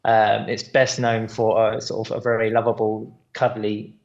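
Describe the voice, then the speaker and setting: A man's voice: lowish voice, monotone, normal speed, vocal fry, darkish tone, highs cut off. A British man who is a guest on a podcast, telling long anecdotes in a rambling way with plenty of fillers. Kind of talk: casual podcast chat.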